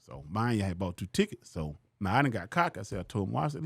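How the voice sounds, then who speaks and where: A comedian from Louisiana, telling a story on a podcast. His pitch leaps all over as he acts out each person. The sound is dry and close to the mic. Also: quick pace, hardly any pauses, slightly rough, no echo. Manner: animated, slangy, acts out the people he quotes. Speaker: comedian guest.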